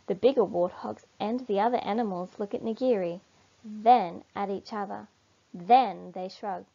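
A woman's voice: medium pitch, moderate pace, vocal fry. Woman reading a picture book aloud. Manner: expressive, storytelling. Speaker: storybook reader. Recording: dull lo-fi recording.

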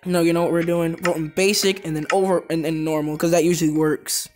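A woman doing let's play commentary on a game, excitable and prone to shouting and laughing. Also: sits low, fairly quick, soft background music. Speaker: gameplay commentator.

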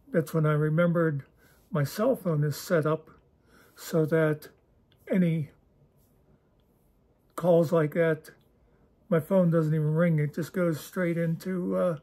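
A man with a mellow, slightly husky voice talks straight to camera as the host of his own channel. He rambles from one thought to the next, wry and self-deprecating, often losing his thread and then picking it back up. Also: a little high. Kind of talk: casual rambling monologue.

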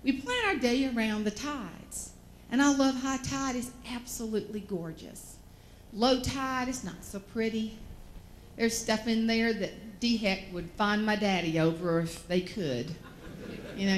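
A woman with a Southern American accent giving a humorous keynote, telling stories in an animated, folksy way. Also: mid-range voice, a little slow, a little hiss or hum. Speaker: motivational speaker.

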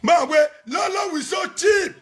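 Very high, sharp-voiced shouting Nigerian man. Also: lively intonation, measured pace. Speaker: social media personality on a live video. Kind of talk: animated live-stream rant and chanting.

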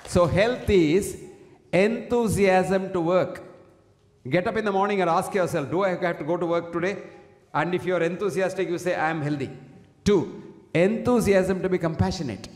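A man's voice: high voice, fast talker. An older man gives a public health lecture at a single mic. He speaks emphatically, asks the audience rhetorical questions and recites Sanskrit verses. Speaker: doctor giving a health talk. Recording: echoey hall with long reverb.

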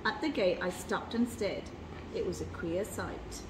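A woman reading a children's story aloud in an expressive way. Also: fairly low pitch, unhurried. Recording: echoey room with noise.

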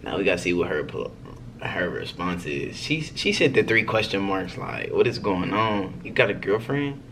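A man's voice: low voice, lively intonation, moderate pace, background noise. A young man vlogging a text prank, chatting casually and playfully to his viewers, laughing often. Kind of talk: casual talk to camera.

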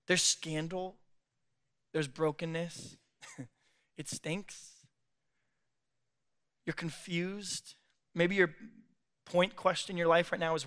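A man preaching a sermon, joking and laughing often as he acts out quick little voices. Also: on the high side, little pitch movement, fairly bright tone, clean tone. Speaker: pastor. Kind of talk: comedic sermon. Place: church stage.

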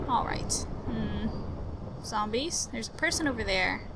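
A young woman giving casual gameplay commentary, chatty and jumpy, muttering to herself and bursting into panicked yells. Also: on the high side, unhurried, noisy background. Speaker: gaming commentator.

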